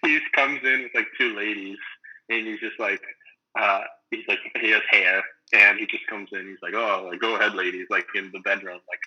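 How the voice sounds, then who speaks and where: A man chatting casually, rambling and animated as he retells funny scenes, full of "like" and "um". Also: on the low side, moderate pace, dull audio. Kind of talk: casual chat about a sitcom.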